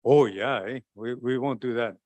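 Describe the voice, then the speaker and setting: A man's voice: medium pitch, normal speed, a little mellow, no room sound, lightly acted. A man voicing a group of bossy, scheming old women in a raised voice during a told story.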